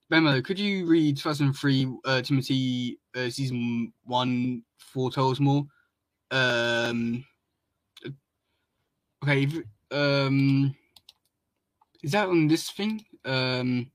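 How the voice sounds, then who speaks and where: A male podcast host reading fan fiction and viewer comments aloud, halting and stumbling over words, laughing often. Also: mid-range voice, fairly bright tone, no echo. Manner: halting, full of fillers and restarts, laughing often.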